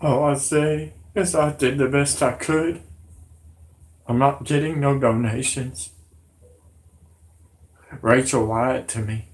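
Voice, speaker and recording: Hoarse man ranting agitatedly. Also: medium pitch, steady tone, slow pace, long pauses. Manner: agitated, repetitive, pleading. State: hoarse, sick voice. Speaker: conspiracy vlogger. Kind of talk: rambling monologue to camera.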